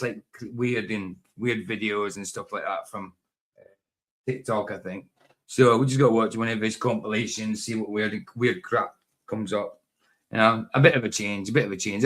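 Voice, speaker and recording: A man's voice: fairly low pitch, fairly bright tone. A man hosting a live stream, chatting casually and playfully, rambling and laughing often. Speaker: livestream host.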